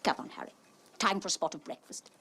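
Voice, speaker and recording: A woman's voice: quick pace, heavy background noise, natural voice. An actress playing a fussy, doting middle-aged mother who scolds and coos by turns, in a film scene. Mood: fussing. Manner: bustling, alternately scolding and cooing.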